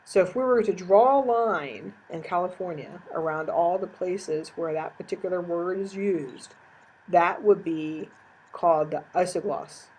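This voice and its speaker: A woman's voice: fairly low pitch, a little slow, darkish tone, husky, rough recording. A woman teacher giving a recorded lecture, explaining terms step by step and repeating key definitions.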